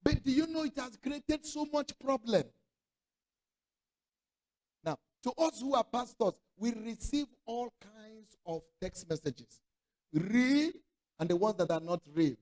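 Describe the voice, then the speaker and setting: A man's voice: very high voice, lively intonation, slow pace, a little mellow. A middle-aged male pastor preaching a sermon, telling stories with acted-out dialogue and throwing rhetorical questions to the congregation. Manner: storytelling preacher who acts out quoted dialogue.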